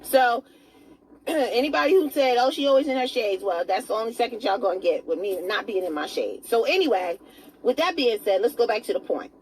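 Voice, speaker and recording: A woman's voice: on the high side, very animated, normal speed, slight background noise, rough recording. Earnest, coaxing motivational woman vlogger. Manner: earnest, coaxing, asks viewers direct questions; greets viewers by name mid-talk. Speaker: self-help vlogger. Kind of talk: motivational talk to camera.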